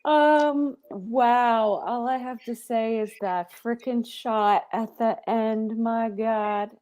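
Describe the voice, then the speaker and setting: Female sports podcast co-host, slow and higher-pitched, emphatic. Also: steady tone, mellow, slight background noise. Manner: exasperated, emphatic, repeats her points. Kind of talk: casual sports podcast chat.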